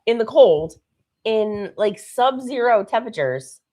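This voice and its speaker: A woman's voice: fairly high pitch, lively intonation, a little slow, warm tone. A woman co-hosting a casual travel chat, stuffy with a head cold, talking in a bubbly way. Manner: chatty, bubbly, laughs often. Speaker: co-host. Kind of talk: casual live-stream chat.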